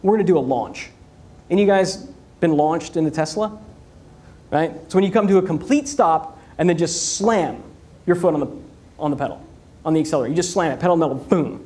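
Man, keynote speaker, higher voice, energetic, rhetorical, repeats for emphasis. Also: a little fast. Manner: animated storytelling with rhetorical questions and repetition. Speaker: conference speaker.

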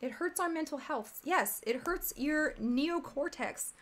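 A woman's voice: sits high, lively intonation, unhurried. A woman hosting a casual commentary stream, talking in a rambling, exasperated, chatty way. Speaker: streamer host.

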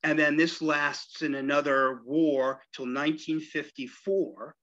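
A man's voice: a little high, steady tone, unhurried, fairly bright tone, dull audio. A man giving a conversational history lecture at a library, with frequent "right?" and "you see?" asides to his listeners. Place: public library meeting room.

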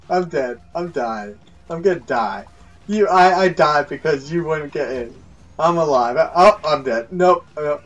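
A man doing let's play commentary, excitable and laughing, yelling at his teammates. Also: fairly high pitch, a little slow, recorded from a distance. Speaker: gaming YouTuber.

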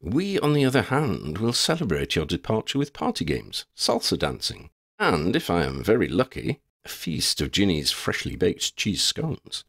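A man's voice: low voice, wildly swooping pitch, normal speed, gravelly, a bit bright, no echo, heavily acted. Mock-solemn middle-aged wizard uncle, read by a man; formal and wordy, dry close sound.

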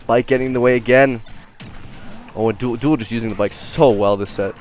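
A young man giving live game commentary, excitable, swearing and shouting when play gets tense. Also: medium pitch, fairly quick, faint music behind. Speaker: esports commentator.

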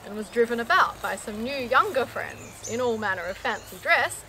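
High, lively woman reading a story. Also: moderate pace, a little hiss or hum. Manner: amused, often laughing between lines. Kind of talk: reading a comic story aloud.

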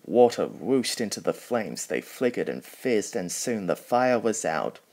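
A man reading a children's picture book aloud in a lowish voice. He goes very slowly and carefully, pausing between phrases. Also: sing-song. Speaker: storybook reader. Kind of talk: storybook narration.

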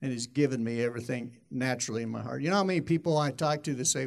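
A man's voice: mid-range voice, fairly even intonation, very fast, gravelly. A man preaching a sermon in an emphatic, repetitive way, often restarting phrases and acting out quoted voices.

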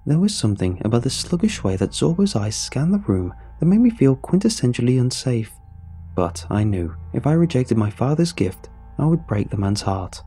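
A man narrating a horror story in a measured, somber way. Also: medium pitch, sing-song, dark tone, breathy edge. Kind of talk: scripted narration. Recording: faint music under the narration.

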